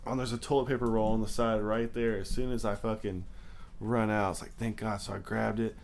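A young man telling a rambling story in casual, profane talk, animated when he acts out the scenes. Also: on the low side, brisk, creaky. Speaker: podcast guest.

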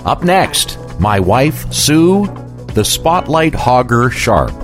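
A man's voice: mid-range voice, big pitch swings, slow pace, music in the background. A man hosting a morning radio show, joking in a wry, self-deprecating way. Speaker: radio host.

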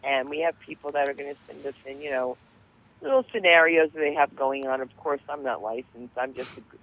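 A woman's voice: deep voice, lively intonation, a little fast, fairly bright tone, poor audio. A woman chatting casually and giggling often about producing a podcast. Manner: giggly, bubbly. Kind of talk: casual chat.

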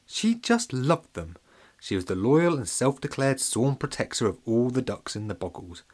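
A man narrating a children's audiobook in a playful, animated storytelling way, speaking directly to the young readers. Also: mid-range voice, moderate pace.

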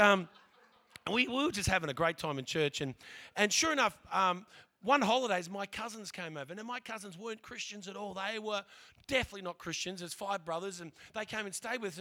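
An Australian man preaching a sermon, telling a lively church story with animated, repeating delivery. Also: high-pitched. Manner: animated, repeats words as he speeds along.

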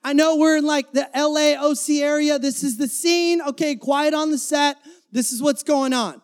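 A man's voice: extremely high pitch, steady tone, moderate pace. A man preaching a sermon to his church in a dynamic, emphatic style, acting out the lines he quotes. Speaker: pastor. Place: church before a congregation.

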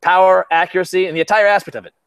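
A man's voice: high-pitched, fairly even intonation, rapid-fire, fairly bright tone, clean tone, no room sound, pitched above the performer's own voice. A man putting on a Southern-drawling team owner. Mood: mock earnest. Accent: Southern US, put on. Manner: mock-serious quoting of praise. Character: blustery older male football team owner.

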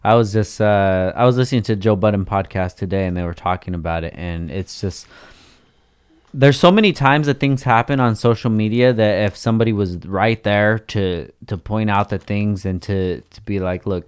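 A man's voice: lowish voice, normal speed, smooth. A man co-hosting a podcast, chatting in a laid-back, profane way and often answering with short agreeing replies. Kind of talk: casual chat.

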